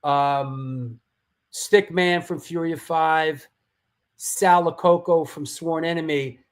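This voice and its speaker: A man's voice: a little high, fairly even intonation, takes it slowly. A man hosting a live hardcore music stream, chatting casually, rambling and swearing. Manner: rambling, swearing, restarts and storytelling asides.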